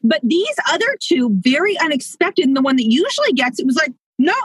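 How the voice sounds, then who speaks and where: A woman's voice: sits high, big pitch swings, fairly quick, no echo, poor audio. A woman podcast guest, a mother of three boys, telling candid stories and laughing her way through them. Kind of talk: casual storytelling chat.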